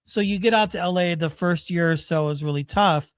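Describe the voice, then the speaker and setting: A man hosting an interview, asking relaxed framing questions and giving brief reactions. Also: high-pitched, fairly quick, clean tone, no room sound, studio quality. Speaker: podcast host.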